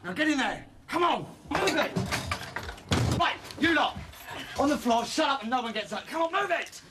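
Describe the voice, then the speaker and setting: An actor playing a menacing robber who barks orders and sneers, in an old TV crime reconstruction. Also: male voice, very high voice, lively intonation, moderate pace, over loud music. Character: menacing male robber, thuggish and mocking.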